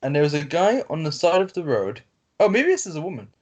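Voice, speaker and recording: A man's voice: fairly high pitch, big pitch swings. A man, co-hosting a podcast over a video call, reading a story aloud in casual chat with many fillers and restarts. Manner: reads haltingly with fillers and self-corrections. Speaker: podcast co-host reading stories. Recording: lo-fi call audio.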